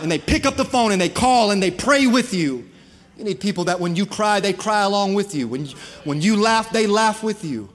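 A man preaching with passion, calling on his listeners to answer back. His voice sits high for a man. It carries with a long echo through a big hall. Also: animated, moderate pace. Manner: impassioned preaching with call-and-response. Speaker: pastor. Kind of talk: sermon.

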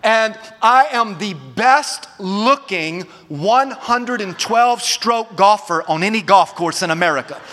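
A man's voice: high-pitched, animated, takes it slowly, hardly any pauses, bright, forceful tone, long reverb tail. A man preaching a sermon as pastor, urging his congregation to respond and repeat words after him. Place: church auditorium.

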